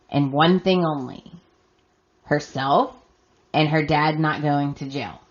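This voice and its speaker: Hoarse, slow-talking woman podcast host. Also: deep voice, dull audio. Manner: emphatic, exasperated, addresses listeners directly. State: hoarse, losing her voice. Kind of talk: solo recap commentary.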